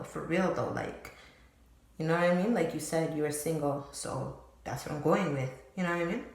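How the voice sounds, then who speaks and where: A woman's voice: deep voice, normal speed, gravelly. A young woman telling a storytime vlog story in casual slang, swearing freely and packing her talk with "like". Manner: slangy, profane, animated retelling with lots of "like". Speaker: storytime vlogger. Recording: very echoey room, faint noise.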